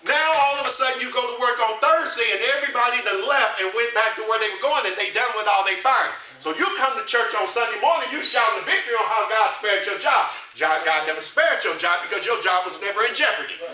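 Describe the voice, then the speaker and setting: A man's voice: high voice, animated, fast, pushed and bright. A man teaching a Sunday school lesson in a preaching style, posing questions and leaving blanks for the class to call out. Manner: call-and-response, leaves blanks for the class to fill. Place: church hall. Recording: roomy echo, mic from a distance.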